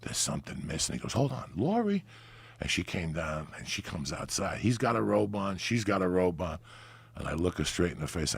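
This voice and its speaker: Deep gravelly New man, crude and rambling. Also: sing-song, normal speed. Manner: crude, rambling, laughs through his story. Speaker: comedian guest. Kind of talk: casual storytelling.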